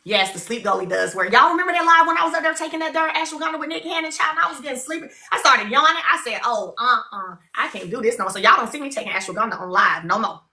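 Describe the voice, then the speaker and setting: A woman's voice: sits high, expressive, rapid-fire, creaky, few pauses, pushed and bright, reverberant. Chatty woman selling on a live stream. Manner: chatty and upbeat, urging viewers to buy. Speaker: live shopping host. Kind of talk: live-stream sales pitch. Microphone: phone.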